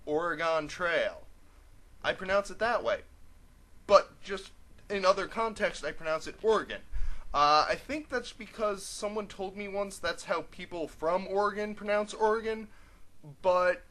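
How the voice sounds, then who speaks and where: A man's voice: a little high, a bit bright. A young man vlogging casually to camera, chatty and rambling with many fillers. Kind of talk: casual vlog talk to camera.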